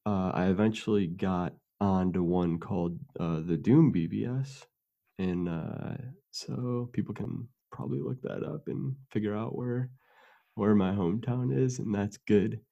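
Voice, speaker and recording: A man's voice: on the low side, unhurried, gravelly, warm tone, highs cut off. A man in casual conversation, telling long rambling stories with fillers and laughs.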